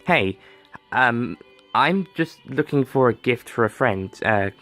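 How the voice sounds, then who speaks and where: A man's voice: medium pitch, lively intonation, slow, a bit bright, soft background music. A man voicing a young woman who is a flustered late Christmas shopper, talking hesitantly and sounding puzzled.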